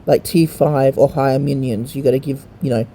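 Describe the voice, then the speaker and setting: Male gamer, deep-toned and gravelly, casual hesitant walkthrough with lots of filler and the odd swear. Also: steady tone, fairly quick, dark tone, slight background noise. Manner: rambling and hesitant, many ums and restarts. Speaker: mobile gamer showing a game to a friend.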